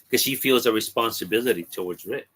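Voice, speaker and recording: Husky-voiced man retelling a comic story. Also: mid-range voice, fairly bright tone. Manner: halting, with frequent ums and restarts. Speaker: podcast co-host discussing comics.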